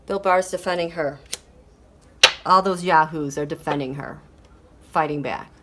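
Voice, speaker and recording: A woman giving a solo tarot reading in a deliberate, measured way. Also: low-pitched, a bit bright, slight background noise. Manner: slow, deliberate delivery broken by fits of giggling. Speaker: tarot reader.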